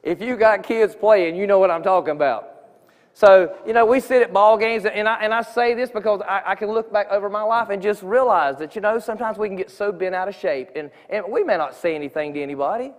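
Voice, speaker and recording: His voice sits high and moves fairly quickly through an earnest, conversational testimony, a casual sermon delivered in a church sanctuary. Sentences get restarted often, and the hall's reverb rings long.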